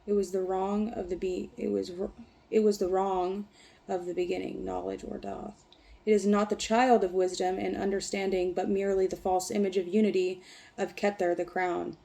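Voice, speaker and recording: Mellow-voiced woman rambling and swearing. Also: mid-range voice, level tone, vocal fry. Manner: rambling, profane, halting. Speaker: vlogger. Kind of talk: reading aloud and casual ranting.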